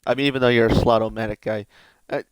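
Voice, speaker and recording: A man's voice: mid-range voice, steady tone, fast, smooth, dry recording. Man joking through gameplay commentary. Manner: joking, rambling self-talk. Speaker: gaming video host.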